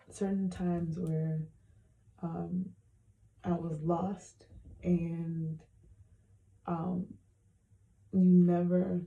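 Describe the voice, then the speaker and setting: A woman speaking a heartfelt personal message into her hand-held phone, soft and halting with many pauses, close to tears. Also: fairly low pitch, creaky, echoey room, narrow, tinny audio. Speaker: vlogger.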